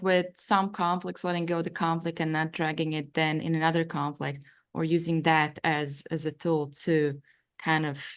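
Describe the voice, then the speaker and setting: A man's voice: a little high, smooth. A man hosting a podcast who asks questions in a hesitant, searching way.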